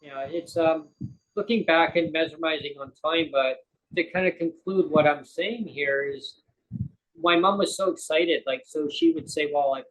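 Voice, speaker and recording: Male guest, husky voice, rambling storyteller with lots of fillers. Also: on the high side, moderate pace, a bit bright, rough recording. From Canada. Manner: rambling, full of fillers and acted-out quotes. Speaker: podcast guest. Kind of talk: casual storytelling chat.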